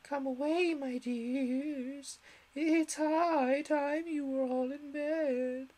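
A man's voice: very high-pitched, steady tone, very slow, darkish tone, pitched above the performer's own voice, exaggerated voice. A man voicing a trembling, motherly female canary in a storybook reading. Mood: fretful.

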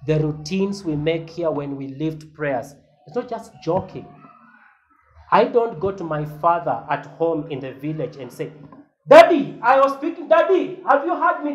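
A man's voice: on the high side, low-quality recording. A man preaching a sermon as pastor, earnest and emphatic, with a repeated refrain to the congregation.

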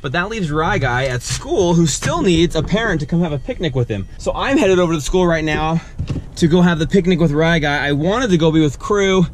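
A man's voice: fairly high pitch, expressive, fairly quick, slight background noise. A man in his thirties chatting casually to camera as a vlogging father, upbeat and storytelling. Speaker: vlogger dad. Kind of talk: casual vlog chat.

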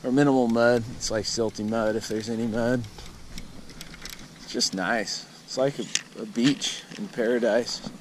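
A man's voice: medium pitch, steady tone, unhurried. Laid-back man talking outdoors by a river. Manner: laid-back, rambling, self-deprecating. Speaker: fishing vlogger. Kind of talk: casual self-filmed talk to camera. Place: outdoors on a river, kayak and sandbar. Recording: outdoor recording with noticeable river noise. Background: water and outdoor ambience.

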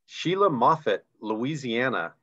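A very animated man with a bright, medium-pitched voice and a forceful tone speaks a little slowly. Co-hosting a live online recognition event over a video call, he reads out names and talks with enthusiasm about ranks. The recording has a dull, lo-fi video call quality.

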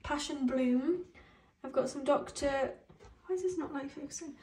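A young British woman with a high, light voice chats away to her phone camera in her twenties-style vlog manner, gushing and easily moved. She's recorded in a small tiled bathroom that rings with echo. The sound is handheld and close. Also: normal speed, darkish tone, a little hiss or hum. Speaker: vlogger. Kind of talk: casual chat to camera. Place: bathroom at home, indoors. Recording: echoey small tiled room.

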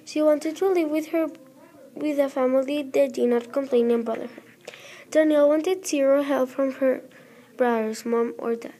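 A young student reading her own fantasy story aloud, halting at times and restarting words. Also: high-pitched, mellow. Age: child. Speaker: student reader.

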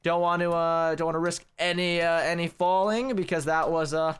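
A man's voice: a little high, clean tone. A young man hosting a gaming channel, giving casual commentary as he plays and getting worked up over failed jumps. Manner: excitable, quick to rage, addresses viewers as guys. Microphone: desk microphone.

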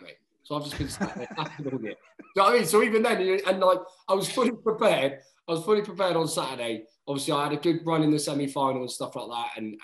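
This rough, reverberant recording captures a rugby player with a mid-range voice telling an animated story in casual chat. He swears freely, acts out quotes, and calls everyone mate.

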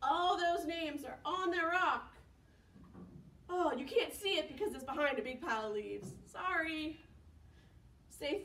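Young female children's librarian, high and slow-paced, animated storytime delivery, echoey distant recording. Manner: animated, gasps and whispers to engage children. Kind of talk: preschool storytime reading and singing. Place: library room. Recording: echoey room, mic at a distance.

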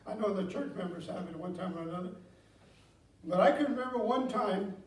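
A man's voice: sits high, fairly quick. A middle-aged man, a pastor, preaching a sermon with folksy storytelling that builds to emphatic exhortation. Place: church sanctuary. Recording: echoey church from a distance.

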